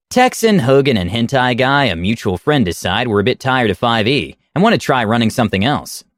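Reading a story aloud, this man uses a lively, far-ranging pitch and slips in dry, deadpan comments. The sound is intimate and dead, with no room and no echo around his middle-pitched voice.

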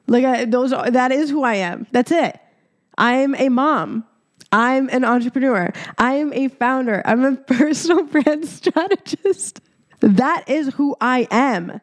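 A woman in her thirties, born in Egypt, hosting a solo podcast and telling a story in a lively, chatty way with frequent laughter. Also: sits high, unhurried, dry recording. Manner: animated storytelling, laughing often, casual swearing; talks directly to listeners as "your girl". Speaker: podcast host.

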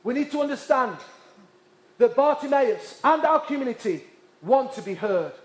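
A man from England, preaching with passionate, repeated emphasis that drops to hushed tones. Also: very high voice, animated, normal speed. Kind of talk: sermon. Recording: echoey hall.

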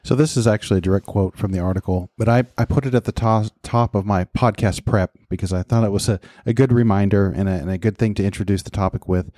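A man's voice: fairly low pitch, fairly even intonation, fast talker, few pauses, dark tone, dry recording, clean studio sound. A man in his fifties co-hosting a podcast, talking reflectively in a casual conversation with frequent restarts. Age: 50s. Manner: reflective, talks with many restarts. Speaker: podcast co-host.

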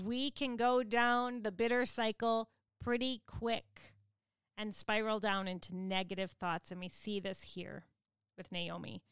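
Woman Bible teacher, earnest, explanatory, clear smooth voice, dry close sound. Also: medium pitch, flat delivery, a little slow, dry recording.

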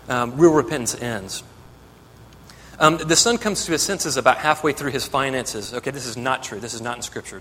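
A man's voice: mid-range voice, a bit bright, long reverb tail, a little hiss or hum. A man preaching a sermon as pastor, earnest and building to emphatic exhortation.

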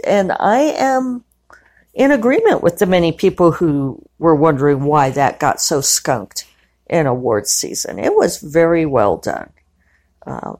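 Woman host, casual diary podcast, chatty and rambling, a touch low in pitch, recorded at home. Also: darkish tone. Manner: chatty, rambling, quick to laugh. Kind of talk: casual diary-style monologue. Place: living room at home.

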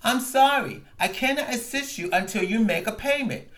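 A man's voice: very high-pitched, lively intonation, moderate pace, fairly bright tone, pitched above the performer's own voice. A man voicing a female automated phone-line AI that is polite, scripted and unhelpful. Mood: prim, scripted.

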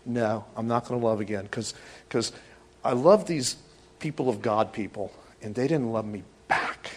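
A man's voice: medium pitch, moderate pace, breathy edge. A middle-aged man preaching a sermon as a pastor, telling stories with animation and acting out the people in them. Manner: animated storytelling, acts out voices.

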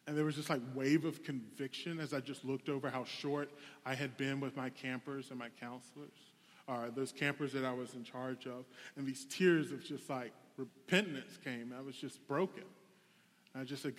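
A man's voice: mid-range voice, fairly even intonation, moderate pace. A young adult man preaching a sermon, telling a personal story in a conversational, candid way. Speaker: pastor. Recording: long hall reverb.

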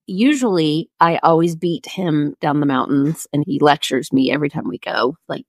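A middle-aged woman co-hosting a podcast, telling a story in an animated way, laughing often and breaking off her own sentences. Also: deep voice, moderate pace, dry recording. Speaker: podcast co-host. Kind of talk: casual storytelling.

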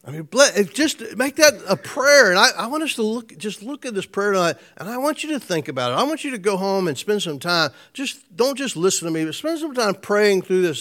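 A man gives a relaxed sermon to a small gathering, his voice sitting noticeably high. He talks conversationally, repeating and restarting phrases, with frequent soft chuckles. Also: brisk, few pauses. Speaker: pastor. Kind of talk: informal sermon to a small group.

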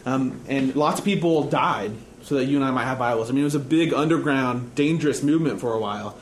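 A man's voice: mid-range voice, quick pace. A man teaching a conversational sermon, often checking in with the listeners by asking "right?". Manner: casual, asks "right?" often. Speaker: preacher and teacher. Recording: echoey room, faint background noise.

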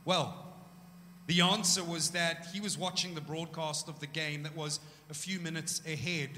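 A man preaching a sermon in a church, casual and joking, telling stories with animated energy. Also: a little high, moderate pace. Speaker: pastor. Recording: echoey church hall.

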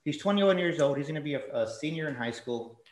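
A middle-aged man with a fairly high voice talks in a relaxed, chatty way, slipping into the voices of the people in his stories. He is recorded in a noticeably echoey room. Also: fast. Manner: animated storyteller acting out quoted voices. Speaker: guest, author and father. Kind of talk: casual podcast conversation.

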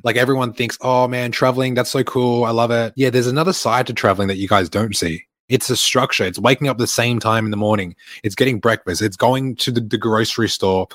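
A man's voice: lowish voice, a bit bright, no room sound. A young man hosting his own podcast, rambling and swearing with lots of filler words while recording at an airport. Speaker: podcast host and online fitness coach. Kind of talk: casual solo podcast monologue.

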